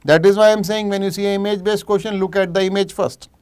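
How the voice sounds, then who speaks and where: Indian guy doing a live online exam revision class, smooth resonant voice, bit high, answers the chat and drops into hindi now and then. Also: fairly even intonation, fast, a little mellow. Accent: Indian English. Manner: explains cases while reading out viewers' chat answers; mixes in Hindi asides. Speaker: medical exam teacher.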